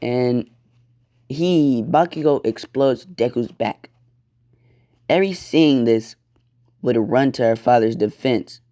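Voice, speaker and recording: Slow-talking man telling a fan story. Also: medium pitch, warm tone. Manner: casual, swears a lot, acts out quotes. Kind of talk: improvised fan story narration.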